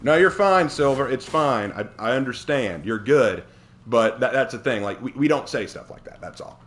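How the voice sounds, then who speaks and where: A man's voice: mid-range voice, lively intonation, normal speed, fairly bright tone. A man from the Southern United States streaming a game, chatting casually with viewers and answering their messages, often repeating and restarting his words. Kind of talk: casual live-stream chat while gaming.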